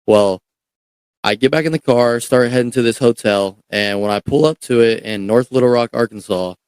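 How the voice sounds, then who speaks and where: A young man, a podcast guest, telling a story in a casual, animated way, swearing and repeating words as he goes. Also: mid-range voice, moderate pace, clear, resonant tone, dry recording.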